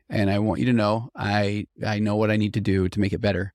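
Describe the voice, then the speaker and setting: A man's voice: on the low side, fairly quick, no room sound, studio quality. A middle-aged man hosting a podcast, talking earnestly and thoughtfully as he reads and reflects on listener stories. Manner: earnest, reflective, animated when quoting listeners. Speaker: podcast host, therapist. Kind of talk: conversational podcast monologue reading listener stories.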